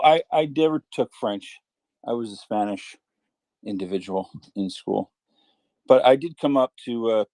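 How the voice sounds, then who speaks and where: Man, host, mid-pitched, eager chatty talk with stumbling restarts, dry close sound. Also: darkish tone, no echo, low-quality recording. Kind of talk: casual chat in a live audio room. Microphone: computer or phone mic in a live audio room.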